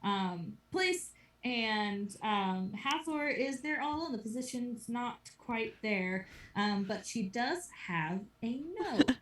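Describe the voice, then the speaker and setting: A woman's voice: a little high, expressive, slow. A woman narrating as game master of a tabletop game, hesitant with many ums. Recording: echoey room, far from mic.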